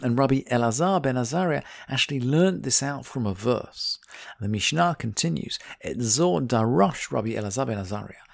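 A man teaching a religious text, reading each Hebrew line slowly and then explaining it in plain English. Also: mid-range voice, animated, creaky, dry recording, clean studio sound. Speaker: Talmud teacher. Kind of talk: text study lesson.

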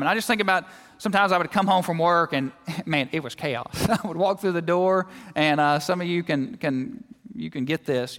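A male guest preacher giving a sermon in a church, telling lively, joking stories and acting out everyday scenes. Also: fairly high pitch, long reverb tail. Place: church sanctuary.

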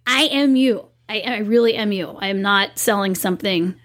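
A woman in her thirties, a guest and company owner, telling a personal story in an animated, chatty way in a casual interview. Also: mid-range voice, normal speed.

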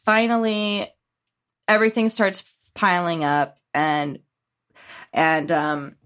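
A woman co-hosting a podcast, casually recapping a film in a rambling, animated way, quoting characters and swearing freely. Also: lowish voice, slow pace. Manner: rambling, animated retelling with quoted voices and swearing. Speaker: podcast co-host.

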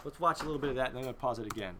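A man leading a film discussion in a lively, emphatic teaching style, often asking his listeners rhetorical questions. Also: mid-range voice, very fast. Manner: emphatic, conversational.

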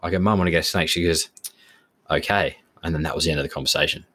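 A man's voice: very deep voice, fast talker. An Australian man co-hosting a podcast, telling a long story in casual chat with lots of acted-out dialogue. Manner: rambling, animated retelling with quoted dialogue. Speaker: podcast co-host.

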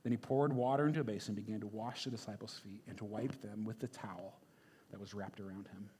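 A pastor's warm, lowish voice carries fairly even intonation at a fast clip, with a little hiss or hum in the recording. He preaches conversationally and emphatically, regularly checking in with a "right?"

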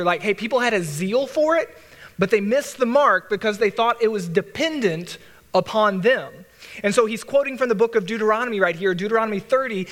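Man, high voice, bible study teaching, conversational asides, long hall reverb. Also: a bit bright. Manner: conversational, with restarts and "like, hey" asides. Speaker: pastor.

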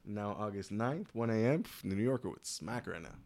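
A man's voice: fairly low pitch, lively intonation, brisk, darkish tone. A man guesting on a podcast, laid-back in casual chat, laughing often and asking questions. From California.

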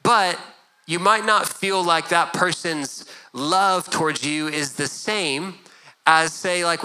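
A man's voice: on the high side, pushed and bright, clear, resonant tone, low-quality recording. A middle-aged man preaching a sermon as a pastor, earnest and conversational, often repeating words as he goes.

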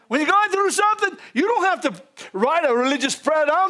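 A man preaching a sermon in a folksy, animated way, laughing often between lines. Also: very high voice, normal speed.

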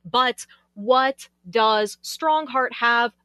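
Excitable woman with a bright, dry voice. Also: a little high, measured pace, hardly any pauses, dry recording. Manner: gushing, excitable, laughs and exclaims often. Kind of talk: casual podcast chat about a video game.

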